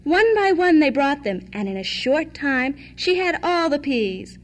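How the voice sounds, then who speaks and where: High-voiced woman reading a fairy tale. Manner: even, measured reading. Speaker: storyteller. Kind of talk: fairy tale read aloud.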